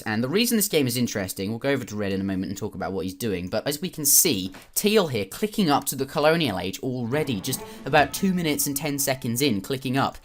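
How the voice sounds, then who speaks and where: A British man talks through a strategy game replay in a loose, chatty way. He drifts into jokes and side stories and swears now and then. His voice sits a little low. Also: fairly bright tone. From Britain. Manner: chatty, rambling, joking asides, swears. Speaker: video game commentator. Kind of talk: casual gameplay commentary.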